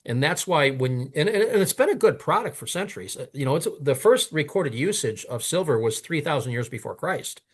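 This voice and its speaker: Animated, slightly high-voiced man telling stories. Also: a little fast, few pauses, slightly rough. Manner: animated, stumbles and repeats words. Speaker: guest, product maker. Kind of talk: casual storytelling interview.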